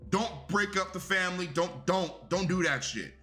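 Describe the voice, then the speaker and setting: A man's voice: sits high, animated, moderate pace, sharp tone, soft background music. A young man giving a casual, rambling and profane review of a wrestling show.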